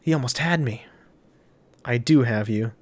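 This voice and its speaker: A man reading the lines of a cunning, manipulative male villain in a calm, taunting way. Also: mid-range voice, a little slow, dry recording, lightly acted.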